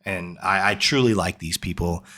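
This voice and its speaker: A man's voice: low-pitched, moderate pace, pushed and bright. A man, a coach, telling his own story candidly to the camera, earnest and rambling, often repeating phrases for emphasis.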